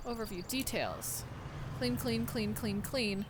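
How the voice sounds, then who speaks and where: A young woman who is not American streams a game, chatting playfully with viewers and joking at the screen, with background music playing. Her mid-range voice is lively in intonation and a little slow, over a faint hiss or hum.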